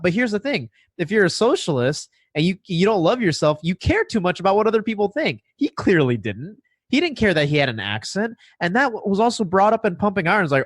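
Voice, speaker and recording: A man's voice: high-pitched, sing-song, a little fast, no room sound. A man co-hosting a podcast, making an argumentative case and explaining his points directly to the listeners. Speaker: podcast co-host. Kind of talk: conversational podcast commentary.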